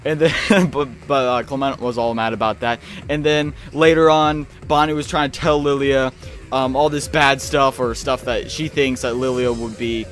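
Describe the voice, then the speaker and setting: A man giving a rambling, excitable casual review of a cartoon episode, often restarting his sentences. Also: mid-range voice, moderate pace, faint music behind.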